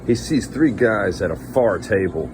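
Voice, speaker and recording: A man's voice: lowish voice, lively intonation, unhurried, noisy background. A man telling a string of bar jokes in a storytelling way, voicing the characters a little. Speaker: joke teller.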